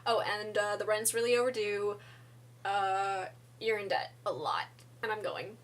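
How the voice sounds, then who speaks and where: A woman's voice: medium pitch, steady tone, measured pace, recorded from a distance, lightly acted. A woman voicing a charming, callous count who casually brushes off his wife. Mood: offhand.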